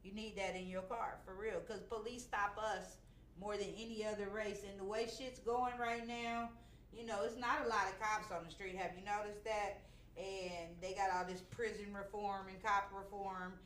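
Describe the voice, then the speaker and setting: A woman's voice: mid-range voice, fairly even intonation, moderate pace, a bit bright, echoey room. A middle-aged woman in casual chat, blunt and profane with strong opinions.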